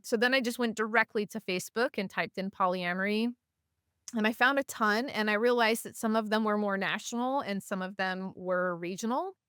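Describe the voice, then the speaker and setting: A woman guest on a podcast, chatting casually and telling stories in an animated way, often with fillers. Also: mid-range voice, clean tone, dry recording, clean studio sound. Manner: animated, acts out voices of people in her stories. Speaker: podcast guest, community organizer. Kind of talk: casual storytelling in conversation.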